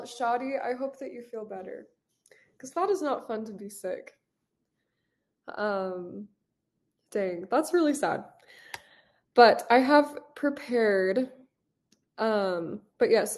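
A woman's voice: fairly high pitch, darkish tone. A woman teaching a live online English class, upbeat and encouraging as she talks to her students.

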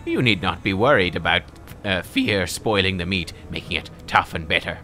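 A man's voice: low-pitched, moderate pace, pushed and bright, soft background music, voice pushed down. A man reading the lines of a fat, greedy, fawning male demon slave merchant in a game, in a wheedling salesman manner. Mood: oily. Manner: wheedling, smooth salesman talk.

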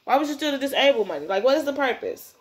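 Woman host, slightly high voice, blunt and cussing, casual comic reading. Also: very animated, racing, soft background music. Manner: blunt, profane, exasperated reactions. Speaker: webcomic reader.

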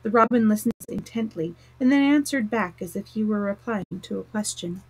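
A woman reading a classic novel aloud on a live stream, plain and steady with small slips and restarts. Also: mid-range voice, normal speed, breathy edge, dry recording, low-quality recording. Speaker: storyteller. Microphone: close mic, live stream.

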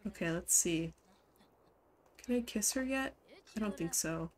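A woman streamer with a mid-range voice gives casual live commentary on a life-simulation game, bursting into laughter and scolding her game characters.

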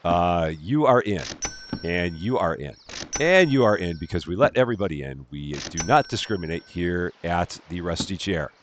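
A man's voice: sits low, animated, moderate pace, a little hiss or hum. A man giving casual, jokey let's-play commentary, chatting to the characters in a game as he plays. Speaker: gameplay commentator.

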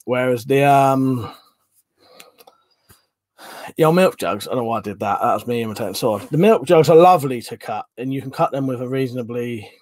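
A man in casual livestream chat, rambling from one thing to the next and cursing lightly now and then. His voice sits a little high for a man. The sound is close and dry, with no room in it. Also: dry recording. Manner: rambling, chatty, swears casually. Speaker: livestream host reading chat.

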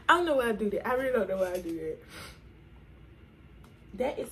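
A woman's voice: medium pitch, big pitch swings, fairly quick, long pauses, fairly bright tone, slight background noise. A woman vlogger chatting playfully with viewers while getting ready, full of slangy asides. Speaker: beauty vlogger. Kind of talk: casual get-ready-with-me chat. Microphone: camera mic while doing makeup.

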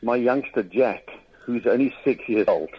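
A South African man, a comedian guest, chatting in a lively storytelling way in a radio studio. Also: mid-range voice, breathy edge, no room sound. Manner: lively storyteller with quick bursts of mimicry. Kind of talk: casual interview chat. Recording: dull radio studio sound.

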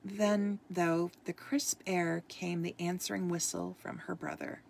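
Gravelly, low-voiced woman reading a story. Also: unhurried, a little hiss or hum. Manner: expressive read-aloud, occasional stumbles. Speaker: storybook reader. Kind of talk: reading a ghost story aloud.

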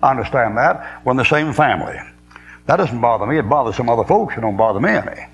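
A man preaching a sermon in a blunt, folksy and sarcastic way, slowing into a weightier cadence when he quotes scripture. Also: mid-range voice, animated, a little hiss or hum, low-quality recording.

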